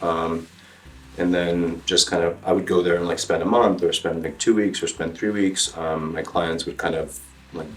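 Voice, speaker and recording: A man in his thirties with a light New York accent, a makeup artist explaining his work in a relaxed, casual way, full of fillers. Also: low voice, moderate pace, reverberant, recorded from a distance. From the Bronx, New York. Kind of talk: casual chat while working.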